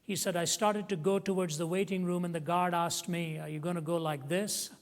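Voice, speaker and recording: High-voiced man preaching in a reverberant hall. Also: level tone, fairly quick. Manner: storytelling, rising to emotional emphasis when quoting. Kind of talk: sermon.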